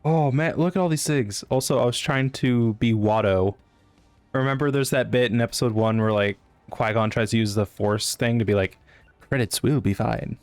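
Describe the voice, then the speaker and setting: Chatty, excitable male streamer. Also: medium pitch, moderate pace, shouting, music in the background. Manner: chatty, excitable, swears casually. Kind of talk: casual live-stream chat over gameplay.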